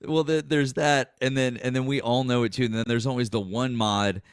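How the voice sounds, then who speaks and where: A man's voice: medium pitch, fairly even intonation, a little fast, clear, resonant tone, no echo, clean studio sound. A man with a Boston accent hosting a political livestream in casual chat. He swears freely, laughs often and acts out people he mocks in a raised voice.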